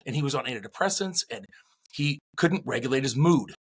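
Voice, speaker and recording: A middle-aged man in casual podcast chat, animated and rambling, with many restarts. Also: medium pitch, a little fast, breathy edge. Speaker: podcast co-host.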